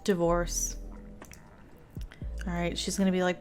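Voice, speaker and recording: Slow-talking woman with hiccups. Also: medium pitch, a bit bright, faint music behind. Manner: giggly, keeps apologizing for hiccups. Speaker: streamer. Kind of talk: casual gameplay commentary.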